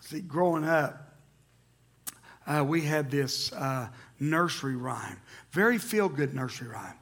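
High, gravelly preacher. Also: male voice, unhurried. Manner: animated preaching, rising to loud emphatic calls to the congregation. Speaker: pastor. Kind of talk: sermon. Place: church sanctuary.

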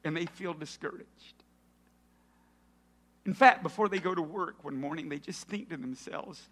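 Male pastor, sermon, slightly high voice, storytelling, loud then whispered. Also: normal speed, husky.

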